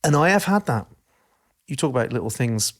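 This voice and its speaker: A man hosting a casual podcast chat, his voice sitting at an ordinary middle pitch. He talks with animated passion, leaning into his points. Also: fairly quick. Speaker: podcast host.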